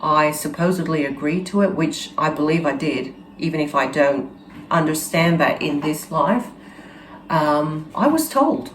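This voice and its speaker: A woman host telling a personal story in an earnest, halting way, with many restarts and fillers. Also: sits low, animated, a little hiss or hum. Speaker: channel host. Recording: roomy echo with faint ambience.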